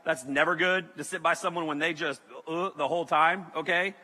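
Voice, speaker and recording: Guy preaching a comedy story, loud sudden shouts, big echoey hall, sharp bright voice. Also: fairly high pitch, brisk. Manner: animated storyteller, shouting bursts and laughs. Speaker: youth speaker.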